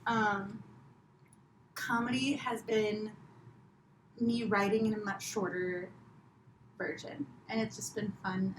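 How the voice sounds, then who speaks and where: A woman's voice: mid-range voice, a bit bright. A woman comedian chatting casually as a podcast guest, laughing often and teasing herself. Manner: chatty, laughing, self-deprecating. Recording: roomy with faint noise.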